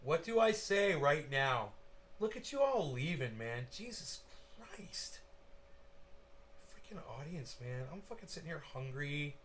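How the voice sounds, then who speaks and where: A young man hosting a crypto livestream, giving excitable, profane live market commentary straight to his viewers. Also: fairly high pitch, normal speed, a little hiss or hum.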